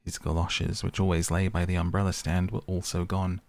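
Deep, gravelly male storyteller. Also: level tone, normal speed, no echo. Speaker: narrator. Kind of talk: storybook reading.

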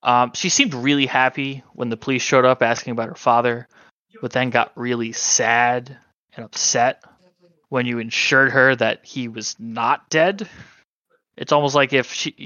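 A man with a Long Island accent running a tabletop game, rambling and halting with many fillers. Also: mid-range voice, bright, forceful tone, no echo, lo-fi sound. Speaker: game master.

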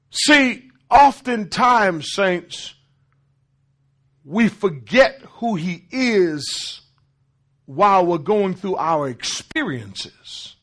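A man preaching a call-and-response sermon, emphatic and repetitive, swinging from shouts to low murmurs. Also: big pitch swings, takes it slowly. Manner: repeats and restarts words for emphasis.

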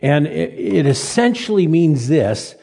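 An older man preaches in a folksy, halting way, restarting his phrases and joking at his own expense. His voice is mellow and a little husky, pitched somewhat high for a man. It rings out with a long reverb, as in a church sanctuary. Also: big pitch swings. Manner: folksy, halting restarts, self-deprecating humor. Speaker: pastor. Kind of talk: sermon. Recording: reverberant hall.

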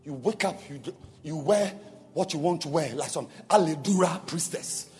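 A man's voice: a little high, normal speed, darkish tone, long reverb tail, faint music behind. A male pastor preaching a sermon, repeating phrases and building up to emphatic calls to prayer. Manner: emphatic, repetitive, calls for responses.

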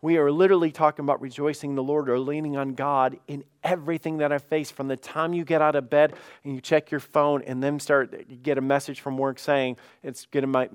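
A man's voice: medium pitch, smooth, no room sound, clean studio sound. A man preaching as lead pastor, talking conversationally and acting out honest prayers and everyday dialogue with rising emphasis. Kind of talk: sermon.

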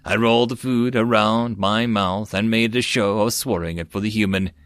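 A man reading a sci-fi fan fiction story aloud in a plain, steady storytelling way. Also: fairly low pitch, moderate pace, clear, resonant tone, no echo.

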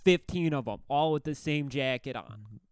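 A man's voice: mid-range voice, moderate pace, clear, resonant tone, no echo. A young man from Detroit telling a profane, laid-back story in casual podcast chat. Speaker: podcast co-host.

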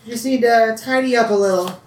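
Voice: brisk, echoey room, recorded from a distance, a little hiss or hum, close to an everyday voice. Un narrador haciendo de granjera maternal de voz aguda. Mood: warm. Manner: folksy, fussing, high and gentle. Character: kind motherly farm wife.

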